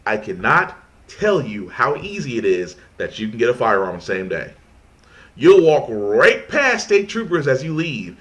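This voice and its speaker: A man ranting in casual commentary, animated and repeating himself for emphasis. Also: medium pitch.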